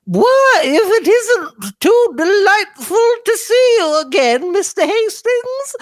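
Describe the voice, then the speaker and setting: A reader voicing an effusive elderly lady of the manor in a sugary, drawn-out falsetto for a comic read-aloud. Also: sing-song, no room sound, studio quality, exaggerated voice.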